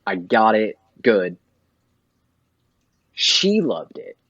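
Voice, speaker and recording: A man's voice: fairly low pitch, big pitch swings, drawn-out words, fairly bright tone, dry recording, highs cut off. A man, a tattoo artist, talking casually as a guest and swearing freely. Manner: laid-back, swears freely. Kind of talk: casual chat.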